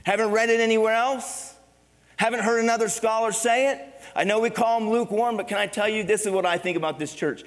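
A middle-aged male pastor preaching a sermon, animated and conversational, with rhetorical questions and storytelling. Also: high-pitched, fairly quick. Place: church sanctuary. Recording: long reverb of a church hall.

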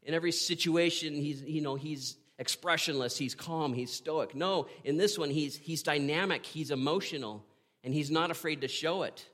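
A man preaching a sermon, retelling a story with earnest drama, pausing and asking "right?". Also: a little high, fairly bright tone. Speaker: pastor.

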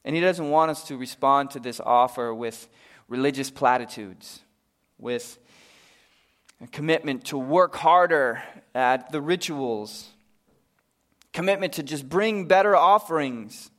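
A man preaching a sermon as pastor, earnest and unhurried, sinking to a hushed voice for his appeals. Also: medium pitch.

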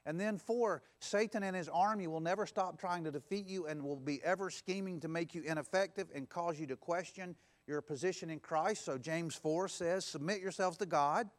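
High-voiced man preaching a sermon. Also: normal speed, hardly any pauses. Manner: exhorting, repeats phrases and leads call-and-response. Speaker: pastor. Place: church.

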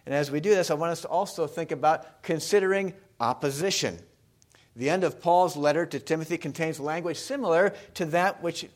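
Guy preaching a sermon, a bit high voiced, chatty, keeps asking the church stuff. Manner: conversational preaching, asks the congregation questions. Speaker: pastor.

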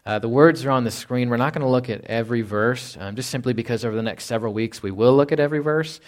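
A man's voice: mid-range voice, quick pace. A man, a pastor, preaching a conversational sermon, reading scripture aloud and asking rhetorical questions.

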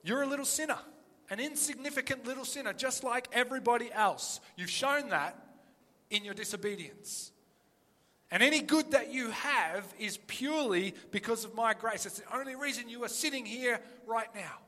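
A man's voice: very high-pitched, normal speed, pushed and bright, long reverb tail, pitched above the performer's own voice. A man preaching who voices God firmly rebuking a sulking prophet.

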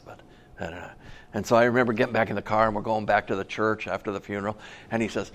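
A man's voice: on the low side, steady tone, a little fast, fairly bright tone. A middle-aged man, a pastor, preaching a conversational sermon, telling personal stories and asking the audience questions.

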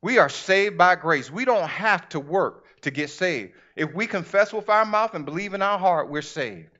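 High-voiced preacher man, conversational sermon. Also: moderate pace, highs cut off. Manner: animated, conversational preaching with acted asides. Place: church.

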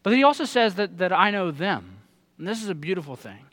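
High, bright-voiced man preaching. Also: sing-song, fairly quick. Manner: earnest, asks the listeners direct questions. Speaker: pastor. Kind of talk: sermon.

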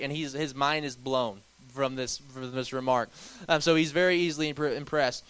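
A man's voice: mid-range voice, steady tone, moderate pace, a bit bright, smooth, no room sound, rough recording. Casual young man teaching in church. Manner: conversational, with filler words and light laughs. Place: church hall.

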